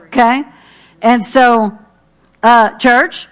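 Emphatic higher-pitched woman preacher. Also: animated, moderate pace. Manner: earnest and emphatic, repeating key phrases. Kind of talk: sermon.

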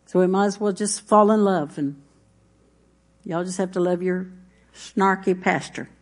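A woman's voice: fairly low pitch, unhurried. A middle-aged woman pastor, preaching a folksy sermon full of stories. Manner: folksy, storytelling, with congregation responses.

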